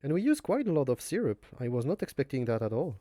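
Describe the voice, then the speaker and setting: Fast and sing-song, this Frenchman's mid-range, dark-toned voice comes through as a dry, studio-quality recording. Chatting casually on a cooking live stream in his home kitchen, he speaks non-native English with a nasal French accent, rambling, teasing himself and chuckling often.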